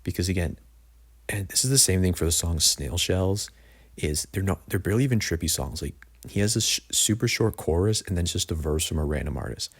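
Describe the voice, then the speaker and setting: A man's voice: sits low, a little fast, husky. A young man reviewing music in a casual, opinionated way, blunt and full of "like". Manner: opinionated, blunt, says "like" often. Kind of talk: casual album ranking review.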